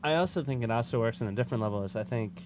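A man's voice: mid-range voice, racing, darkish tone. A man who is a regular contributor in a casual roundtable chat, rambling and jokey, often trailing off mid-thought. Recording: muffled lo-fi audio with faint room noise.

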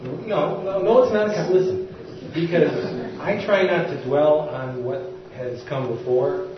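A man on a podcast panel, talking in an animated, joking way. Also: on the high side, unhurried, highs cut off, crowd noise. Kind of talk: panel discussion. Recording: distant roomy hall mic, noise.

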